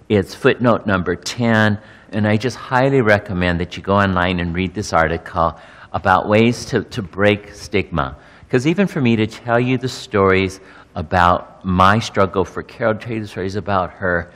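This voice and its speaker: A middle-aged male pastor with a somewhat low voice speaks candidly to a gathered audience. He often halts and repeats words as he works through his thoughts. His voice carries a long reverb from a large hall. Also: fairly bright tone. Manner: candid, halting, repeats words while searching. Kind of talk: personal testimony talk to an audience.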